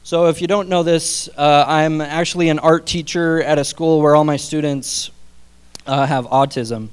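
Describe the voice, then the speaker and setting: A man's voice: fairly high pitch, steady tone, moderate pace, clear, resonant tone. Young male stand-up, self-deprecating, clean resonant voice, live stage mic. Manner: self-deprecating, chuckles between jokes. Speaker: stand-up comedian. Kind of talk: stand-up comedy set. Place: theater stage before a live audience.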